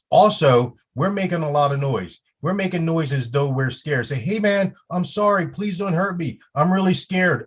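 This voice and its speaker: A man coaching listeners on personal safety, speaking directly and emphatically. He drives his points home with short, repeated commands. His voice sits at an ordinary middle pitch for a man. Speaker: safety coach and podcast host. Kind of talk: instructional podcast monologue.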